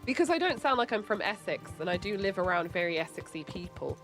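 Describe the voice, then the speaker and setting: A woman's voice: mid-range voice, very animated, quick pace, a bit bright, faint music behind. A woman with a light English accent, chatting casually on a livestream, laughing often and mumbling a bit. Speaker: streamer.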